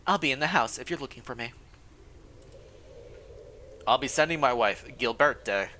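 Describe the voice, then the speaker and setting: A man voicing a gruff old village man in a game, in a low and steady put-on voice. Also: moderate pace, close to an everyday voice. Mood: matter-of-fact.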